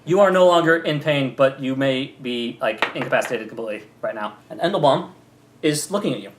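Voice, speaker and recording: A man running a tabletop game, telling the scene in a loose, rambling way full of "um"s. His voice sits mid-range, and a steady noise hums behind the table talk. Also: medium pitch, fairly quick. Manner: relaxed, rambling with fillers and laughs. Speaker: game master.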